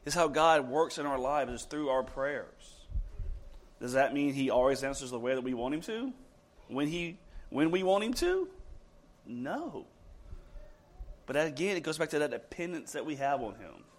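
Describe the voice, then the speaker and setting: In a church, an animated man with a high voice preaches, firing one question after another at his congregation. He builds to forceful emphasis, then falls back to slow, quiet lines.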